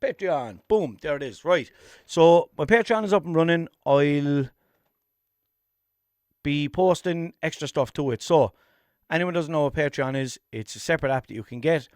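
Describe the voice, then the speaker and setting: A man's voice: on the high side, moderate pace, a little mellow, no echo, studio quality. A man with a Limerick Irish accent hosting a solo comedy podcast, rambling and self-mocking, swearing casually. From Ireland. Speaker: podcast host.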